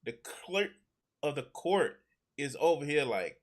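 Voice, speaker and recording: A man's voice: a little high, sing-song, takes it slowly. A man hosting a casual reaction chat show, talking in a loose, profane way. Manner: casual, profane, laid-back storytelling. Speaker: show host.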